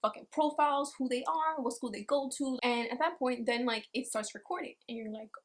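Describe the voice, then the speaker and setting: This anime reviewer has a high-pitched voice and talks a little fast while loosely recounting an episode. She curses openly and dramatizes the lines, giving a profane, animated retelling.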